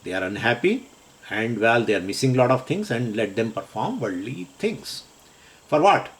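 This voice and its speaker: A middle-aged man gives a scripture class at an even, middle pitch. He explains Sanskrit terms in plain English and chuckles often between points. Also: moderate pace. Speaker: Vedanta scripture teacher.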